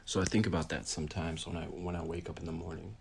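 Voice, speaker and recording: A grieving man giving a heartfelt personal account, halting and full of restarts, sometimes dropping to a soft whisper. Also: sits low, flat delivery, gravelly, slight background noise. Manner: halting, with many pauses and restarts; drops to a soft whisper at times. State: grieving, voice heavy with emotion.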